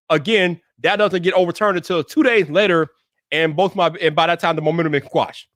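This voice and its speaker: A man hosting his own livestream, talking to viewers in an animated, emphatic way and repeating words when he gets worked up. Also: high voice, no room sound, studio quality. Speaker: livestream host. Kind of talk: livestream rant.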